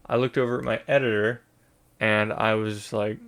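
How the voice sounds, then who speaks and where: A man with a gravelly, fry-tinged voice talks through a movie review in a loose, casual way. He rambles, restarts his sentences and leans on filler words, cursing now and then. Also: lowish voice, little pitch movement, moderate pace, a bit bright. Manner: rambling, many fillers and restarts, swears freely.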